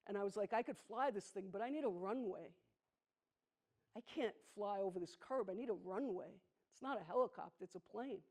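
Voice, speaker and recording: Woman in her 60s doing a solo stage monologue, intimate, leans hard on key words, mid pitched voice. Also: darkish tone. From the Bronx, New York. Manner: intimate, emphatic, slows down on heavy moments. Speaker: solo performer. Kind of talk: theatrical storytelling monologue. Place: theatre stage.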